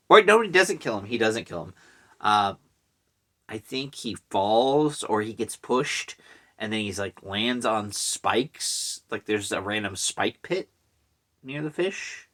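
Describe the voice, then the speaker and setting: Bright-voiced man rambling a movie recap. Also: mid-range voice, expressive, measured pace. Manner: rambling, casual, lots of fillers and asides. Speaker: horror movie reviewer. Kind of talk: casual movie recap vlog.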